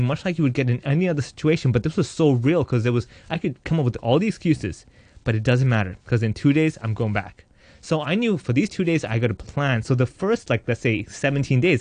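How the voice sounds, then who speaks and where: A man in his thirties, an interviewee, telling his own life story in a candid, animated way with a joking streak. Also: mid-range voice, dry recording. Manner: animated, joking, acts out voices in quotes.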